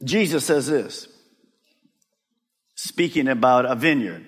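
A man's voice: medium pitch, lively intonation, slightly rough. Emphatic preaching man in a hall. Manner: emphatic preaching with dramatic pauses. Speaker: pastor. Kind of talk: sermon. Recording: reverberant hall.

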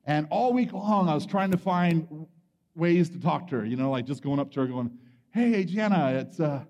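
Animated man telling a story in a hall. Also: fairly high pitch, moderate pace. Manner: animated storytelling, acting out his younger self with shouts. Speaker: camp speaker. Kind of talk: youth sermon with personal story.

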